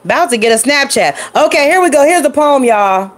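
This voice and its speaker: A woman's voice: high-pitched, animated, a little fast. A woman vlogger chatting loosely and off the cuff to her viewers, calling them y'all. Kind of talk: casual impromptu vlog chat.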